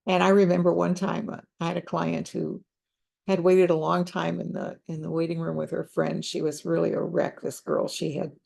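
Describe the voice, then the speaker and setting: A woman's voice: lowish voice, level tone, gravelly, a little mellow. An older woman counselor telling a story from her practice in a reflective, conversational way. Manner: reflective, unhurried, conversational with fillers. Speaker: counselor and teacher. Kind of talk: storytelling talk.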